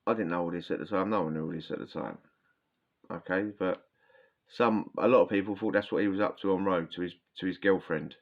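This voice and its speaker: A man's voice: sits low, fairly even intonation, fairly quick. A man telling prison stories in a rambling, slangy way, often restarting his sentences, with a sore throat. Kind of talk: casual storytelling. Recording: dull lo-fi sound.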